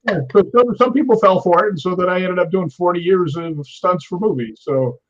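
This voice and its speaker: An older man in his sixties, a guest on an interview show, tells tales with a somewhat high voice. He slips into other people's voices and laughs as he goes. The sound is muffled and lo-fi. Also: a little fast. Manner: animated storyteller who acts out quotes and laughs often. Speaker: guest, stuntman. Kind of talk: storytelling interview.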